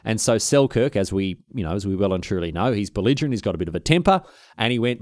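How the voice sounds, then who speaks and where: A man, hosting a podcast and narrating a history story in a casual, slangy, animated way. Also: fairly low pitch, quick pace, no echo, clean studio sound. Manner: animated, slangy, acts out the quotes. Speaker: podcast host.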